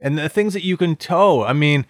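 Enthusiastic middle-aged car-podcast co-host. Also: male voice, on the high side, normal speed, dry recording, studio quality. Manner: enthusiastic, animated, with many "you know" fillers. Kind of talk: casual car podcast chat.

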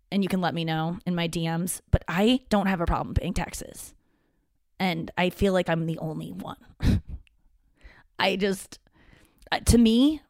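A woman's voice: fairly low pitch, dry recording. A young woman talking casually to her audience in a rambling, candid, self-deprecating way, swearing freely. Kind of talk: casual talking-to-camera monologue.

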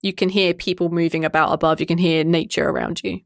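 A woman with a fairly low voice runs a tabletop game, narrating casually and swearing freely. She laughs often between lines. The sound is dry and close. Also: little pitch movement, quick pace, creaky, no echo. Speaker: game master.

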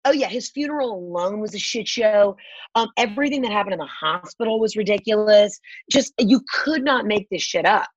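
Husky, brash woman telling stories. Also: mid-range voice, lively intonation, brisk, dry recording, muffled recording. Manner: profane, brash storytelling with acted quotes. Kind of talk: casual podcast chat.

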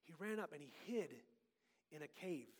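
A man giving a lively children's sermon with volunteers, playful and animated, swinging between loud bursts and hushed tones. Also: on the high side, moderate pace. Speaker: children's pastor.

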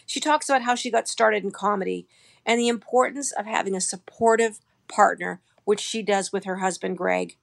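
A woman's voice: mid-range voice, normal speed, gravelly. Upbeat woman introducing a show. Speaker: host.

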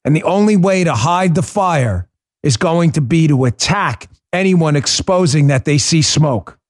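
A man's voice: fairly high pitch, expressive, unhurried, no room sound. Combative, sarcastic man with a dry mic. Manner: combative, sarcastic, rhetorical questions. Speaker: podcast host. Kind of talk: political commentary monologue.

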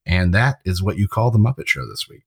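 A husky, slightly low male voice walks through an old TV episode and its trivia in casual podcast chat. He laughs often between facts. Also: expressive, a little fast, dry recording. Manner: laughs often while recapping, trivia-minded. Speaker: podcast co-host.

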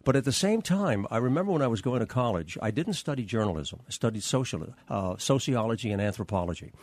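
Older american man, news anchor guest, animated storytelling, voices quoted dialogue, dry close mic. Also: medium pitch, fast, no room sound. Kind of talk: storytelling interview answers.

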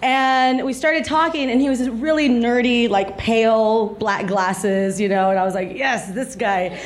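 High-voiced woman comic in her thirties. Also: normal speed. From South Texas. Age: 30s. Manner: animated storytelling, acts out voices, laughs along. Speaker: stand-up comedian. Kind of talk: stand-up comedy set.

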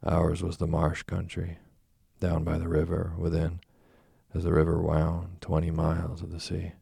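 This studio-style audiobook of a classic novel is told slowly and deliberately by a man with a husky, dark, extremely deep and gravelly voice. He reads in a monotone. The sound is dry and close, without any echo or room sound.

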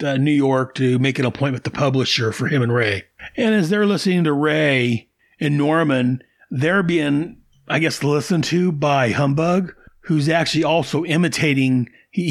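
A man reviewing a comic book in casual commentary. He is enthusiastic, stops and restarts often, and laughs often. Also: fairly high pitch.

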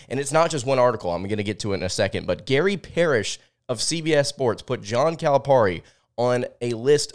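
A man hosts a solo sports talk show, chatting loosely and stopping to read quotes aloud. His voice is smooth and clear at an ordinary male pitch. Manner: conversational, reads quotes aloud, frequent fillers. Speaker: sports podcast host.

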